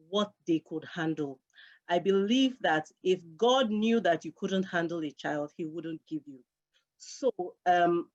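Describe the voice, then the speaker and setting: A middle-aged woman talking earnestly in a casual chat, repeating key phrases for emphasis. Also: lowish voice. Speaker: guest speaker. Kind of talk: casual conversational advice. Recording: dull lo-fi sound.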